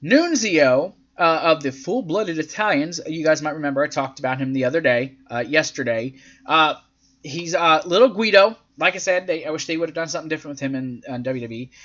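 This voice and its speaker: A man's voice: a little high, brisk, lo-fi sound. A man hosting a podcast who recaps wrestling matches in a casual, profane and sarcastic way, acting out what the wrestlers said. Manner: profane, sarcastic, animated, acts out quotes in silly voices. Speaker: podcast host reviewing wrestling events.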